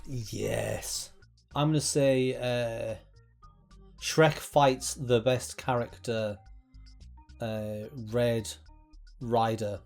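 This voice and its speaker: A man joining remotely for casual comedy banter, teasing and quick to laugh. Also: medium pitch, fairly even intonation, gravelly, faint music behind. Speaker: co-host on remote call.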